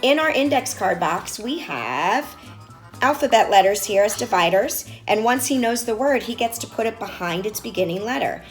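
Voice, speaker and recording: A woman's voice: fairly high pitch, lively intonation, normal speed, soft background music. A woman in her forties teaching her young son sight words at home, explaining each step to parents in an encouraging, instructive manner. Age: 40s. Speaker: reading tutor and mother. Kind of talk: home reading lesson with parent tips.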